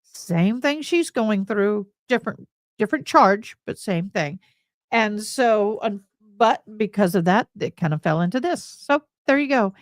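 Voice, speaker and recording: A woman's voice: medium pitch, lively intonation, unhurried, no echo, studio quality. A woman with a Texan accent, hosting a casual livestream in a chatty, bubbly way and often saying y'all. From Tennessee, USA. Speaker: livestream host.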